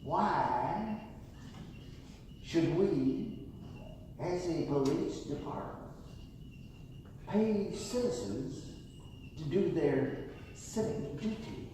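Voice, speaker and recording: A man voicing a stern older male deputy police chief with a West Texas accent, asking slow, pointed questions. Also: on the high side, sing-song, mellow, a little hiss or hum, heavily acted. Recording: echoey hall, far from mic.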